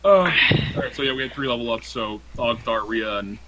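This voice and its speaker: A man's voice: mid-range voice, fairly quick, very noisy. A young man acting as game master, recapping a tabletop campaign in a laid-back, profane, joking way. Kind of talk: casual tabletop game narration.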